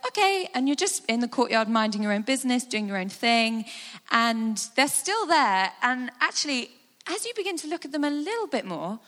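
A woman speaker giving a guided imagination talk, animated and conversational with frequent fillers. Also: fairly high pitch. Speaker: church speaker. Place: large hall with a sound desk. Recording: long hall reverb.

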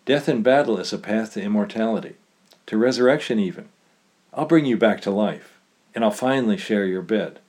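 Male reader doing a soft-voiced, calculating woman, gentle and persuasive. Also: lowish voice, brisk, slightly rough. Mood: coaxing. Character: calculating woman artist, soft-spoken and scheming.

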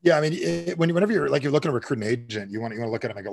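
A middle-aged man coaching on sales and dating talk in a casual podcast chat, acting out sample pitches as he goes. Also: lively intonation, very fast, vocal fry, hardly any pauses, darkish tone. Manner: demonstrates scripts, shifting into a pitch voice. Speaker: sales and real estate coach.

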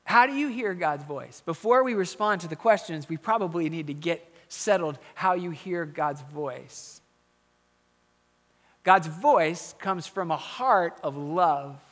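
A man delivers a sermon in a high, bright voice. He talks to his listeners conversationally, drops low for quiet asides, and rises to press his questions home. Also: expressive, slow pace. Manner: conversational preaching, dropping to quiet asides and rising to emphatic questions. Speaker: pastor.

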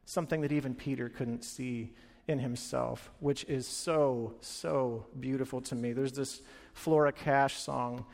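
A man preaching a sermon as a pastor, telling stories with energy, acting out quoted lines and dropping to quiet earnest moments. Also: medium pitch, fairly even intonation, measured pace, vocal fry, in a large hall.

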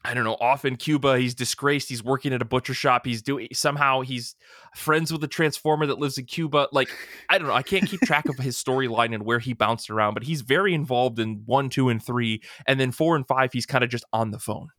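Male podcast co-host: bright, forceful tone, dry close sound, energetic and chatty. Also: mid-range voice, fairly quick, no room sound. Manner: animated, enthusiastic retelling. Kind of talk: casual podcast chat.

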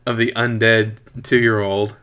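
A man's voice: on the low side, slow pace, smooth. A man casually recapping a movie plot as a podcast co-host, with wry asides. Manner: animated retelling with wry asides.

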